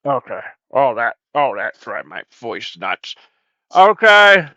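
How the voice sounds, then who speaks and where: A man's voice: mid-range voice, sing-song, takes it slowly, pushed and bright, no room sound. A man hosting a comedic skit monologue, stammering and quoting his viewers in mock voices, on a dull lo-fi recording. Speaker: host.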